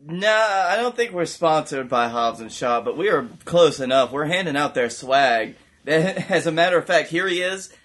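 A man's voice: a little high, lively intonation, normal speed, few pauses, a bit bright. A man co-hosting a comedy podcast in casual chat, laid-back with lots of hesitant fillers. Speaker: podcast co-host.

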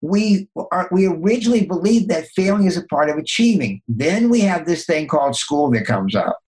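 An older man, a consultant and podcast guest, telling motivational stories in a lively way, often restarting and repeating words. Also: moderate pace, rough recording. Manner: animated, acts out inner dialogue with jumps in pitch. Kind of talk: motivational storytelling.

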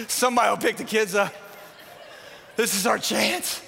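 High-voiced, bright pastor in a big hall. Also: male voice, moderate pace, vocal fry, noisy background. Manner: animated storytelling, acting out scenes. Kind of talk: sermon. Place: large church worship center. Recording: long hall reverb.

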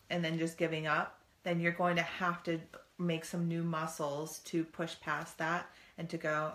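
A middle-aged woman with a notably low voice, talking earnestly like a coach in casual conversation. Her voice carries a roomy echo. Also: fairly even intonation, measured pace, fairly bright tone. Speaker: podcast co-host.

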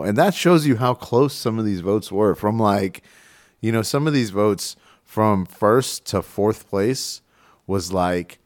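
A man hosting a radio show, chatting casually with lots of fillers and laughs. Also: fairly low pitch. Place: radio studio.

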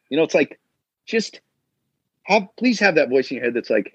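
A man's voice: fairly high pitch, animated, fairly quick, pauses often, slightly rough, no echo, highs cut off. A man talking as a podcast guest in casual chat, a firefighter and dad who acts out quoted voices and says dude and bro.

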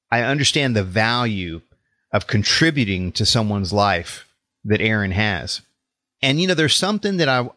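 A man's voice: lowish voice, fairly bright tone, no room sound. Upbeat man hosting a faith podcast. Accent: Texas. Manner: upbeat, welcoming, faith-centered talk. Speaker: podcast host and life coach. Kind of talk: podcast interview.

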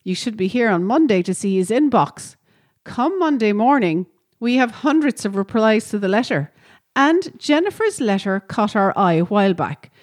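A woman hosting a podcast, giving a bright, welcoming scripted introduction. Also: mid-range voice. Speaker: podcast host. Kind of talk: scripted show introduction and chat. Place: home studio.

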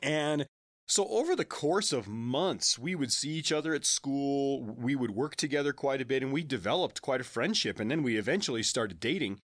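A man in his forties shares his own story as a podcast guest, speaking candidly and conversationally and laughing here and there. His voice sits in a middle pitch. The recording is dry and close, with no room echo. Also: animated, normal speed, fairly bright tone.

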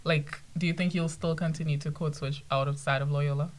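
A woman's voice: deep voice, fairly even intonation, fairly quick, slight background noise. A young woman, a student about to graduate, talking reflectively in casual chat with many fillers. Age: young adult. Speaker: student panelist.

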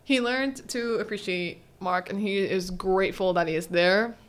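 A woman's voice: mid-range voice, normal speed. Chatty young woman recapping a show. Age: teens. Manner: chatty, laughs often, quotes characters in little voices. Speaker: podcast host. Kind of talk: casual solo recap chat.

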